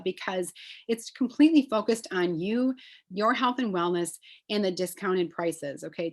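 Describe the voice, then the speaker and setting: A woman giving a casual, enthusiastic sales presentation, chatty and upbeat with many fillers. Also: mid-range voice. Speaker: essential oils seller.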